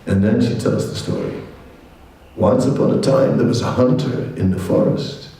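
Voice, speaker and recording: A man, a monk giving a scripture class, telling a fable in an animated way with chatty asides. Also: mid-range voice, moderate pace. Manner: animated storyteller, acts out voices, chatty asides. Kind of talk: lecture storytelling. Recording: echoey hall from far off.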